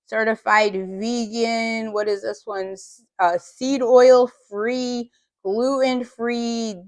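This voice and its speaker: A middle-aged woman talks casually to her viewers in a rough, gravelly voice, like she says a smoker's, pitched a little high for a woman. She unpacks and comments on each item in a chatty way, throwing in small jokes. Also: a bit bright. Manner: chatty and joking, with small asides. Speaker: vlogger unpacking a food bank haul.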